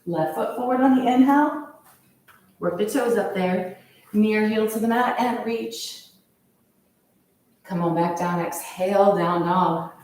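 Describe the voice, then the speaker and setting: A woman leading a yoga class, calmly cueing each pose in time with the breath. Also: medium pitch, measured pace, long pauses. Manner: calm, steady cueing of poses with the breath. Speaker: yoga instructor. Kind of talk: guided yoga class instruction. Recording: very echoey room, voice from far off.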